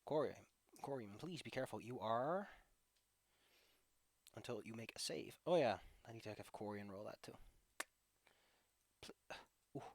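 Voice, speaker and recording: A man's voice: fairly low pitch, animated, normal speed, creaky, pauses often, dry recording. A man running a tabletop game as game master, narrating combat and rules in a chatty, joking way over a voice call.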